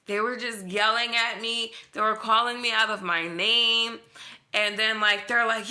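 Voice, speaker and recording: A woman's voice: on the high side, moderate pace. A young woman telling a personal story in a vlog, acting out the dialogue and using lots of fillers. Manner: animated retelling, acts out dialogue, filler-heavy.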